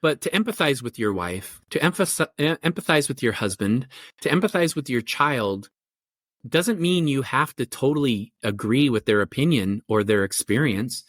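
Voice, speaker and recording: A middle-aged man who works as a family therapist talks through his ideas in a relaxed podcast interview. He wanders and restarts often. His voice has a medium pitch, and the sound is close and dry with no room echo. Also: normal speed. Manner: thoughtful, rambling, with many fillers and restarts. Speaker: family therapist and parenting coach.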